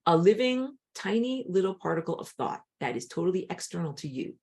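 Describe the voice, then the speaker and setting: A woman with a dry throat teaching an online spiritual class, talking in an animated way and jumping high when she acts out a crying child. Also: a little fast, hardly any pauses. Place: outdoors on a hot day.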